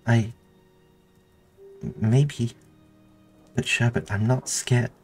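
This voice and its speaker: A man's voice: mid-range voice, fairly even intonation, extremely slow, soft background music, voice pushed up. A man voicing a stammering frightened teen. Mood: hesitant. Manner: pleading, breathless, stammering. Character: battered, frightened teenage youth. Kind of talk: audiobook narration.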